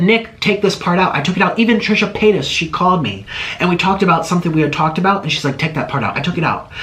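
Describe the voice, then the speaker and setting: A man's voice: fairly high pitch, fairly bright tone, poor audio. A man vlogging to camera in an agitated, indignant rant, firing off rhetorical questions and mockingly imitating others. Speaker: YouTuber. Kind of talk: heated personal rant to camera.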